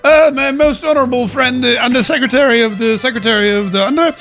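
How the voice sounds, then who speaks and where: A man's voice: very high voice, fast, a bit bright, voice pushed up. A man mimicking a pompous, overly polite male parliamentarian. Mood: mock-polite.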